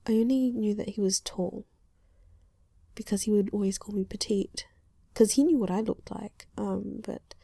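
A young woman whispering through an ASMR questionnaire on a USB condenser mic, slightly congested and croaky, rambling softly with many fillers. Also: mid-range voice, normal speed, dry recording, clean studio sound. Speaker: ASMR creator.

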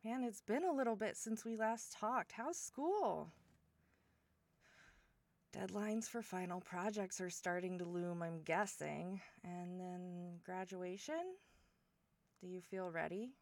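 A woman's voice: on the low side, expressive, unhurried, vocal fry, long pauses, darkish tone, no echo. A woman performing a one-sided audio role-play as a friend's older sister, teasing and affectionate toward a silent listener.

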